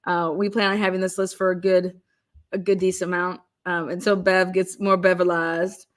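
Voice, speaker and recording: A woman hosting a live-stream chat, excitable and giggly, swearing casually. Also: fairly low pitch, moderate pace. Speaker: livestream host.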